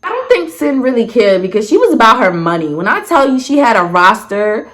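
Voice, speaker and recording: A young woman in casual storytime chat, blunt and sarcastic, who swears freely and jumps her pitch for emphasis. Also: very animated, a little fast, fairly bright tone. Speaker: storyteller vlogger.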